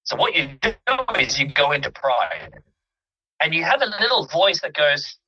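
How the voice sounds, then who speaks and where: A man's voice: medium pitch, very animated, a little fast, sharp tone, husky. A man, a mindset coach, speaking as an interview guest, explaining earnestly with examples and often checking that the listener follows. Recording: dull lo-fi audio.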